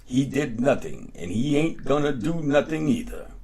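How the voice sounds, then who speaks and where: A man's voice: medium pitch, very animated, moderate pace, darkish tone, husky, voice pushed up. A man voicing a sly, boastful enslaved trickster who drawls out his brags in a raised voice.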